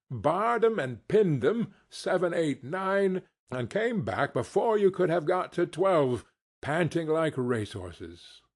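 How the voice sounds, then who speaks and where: A man narrating a classic novel as an expressive audiobook reading. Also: on the high side. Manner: expressive, storytelling. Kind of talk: scripted narration.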